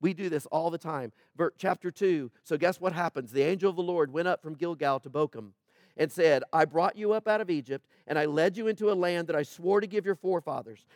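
A man's voice: on the high side, brisk, no room sound, clean studio sound. A man preaching a sermon in a conversational way, asking the congregation questions and pressing his points harder as he goes. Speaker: pastor.

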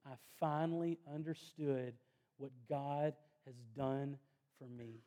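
A man's voice: mid-range voice, slow pace, dark tone. A man, preaching a sermon in an earnest, conversational way with self-deprecating asides. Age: 30s. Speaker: pastor.

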